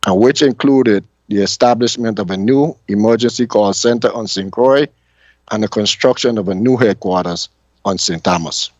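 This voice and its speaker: Low-voiced man reading formal testimony. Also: darkish tone, dry recording. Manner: measured, formal delivery. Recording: dull, dry lo-fi audio.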